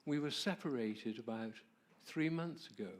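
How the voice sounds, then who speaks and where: A gentle, frail elderly German man speaks softly and haltingly, unhurried and devoted, as a man quoting him in a church talk voices him. His voice sits at a plain middle pitch. The words come in a low-key storytelling way. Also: lightly acted.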